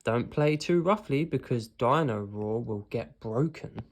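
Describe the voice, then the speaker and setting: A man's voice: medium pitch, animated, unhurried. A man voicing a jolly, grumbling father pig in a storybook reading.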